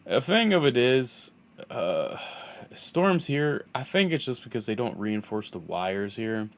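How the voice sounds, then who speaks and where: A man's voice: medium pitch, very animated, a little slow. A man streaming a game, chatting casually and rambling, often laughing as he talks. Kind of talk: casual chat while gaming.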